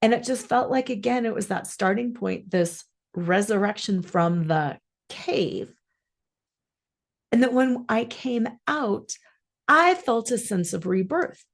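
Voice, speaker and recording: A woman's voice: a little high, expressive, takes it slowly, gravelly. A middle-aged woman, a coach and podcast host, telling a personal travel story in an earnest, reflective, spiritual way.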